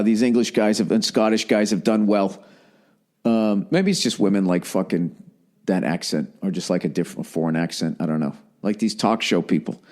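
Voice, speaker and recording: Deep and slightly mellow, a male podcast host's voice carries a loose, rambling rant. He swears freely, pokes fun at himself and imitates others as he goes.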